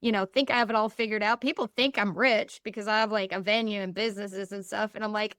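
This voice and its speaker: A woman in a casual podcast chat. She speaks in an earnest, upbeat way at a mid-range pitch and often laughs softly. The sound is dry and close, with no room echo. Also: steady tone, fast, few pauses, smooth. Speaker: guest.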